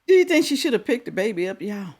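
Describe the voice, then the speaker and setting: A woman's voice: mid-range voice, sing-song, quick pace, a little mellow. A middle-aged woman hosting a reaction video, giving casual commentary and firing rhetorical questions at her viewers.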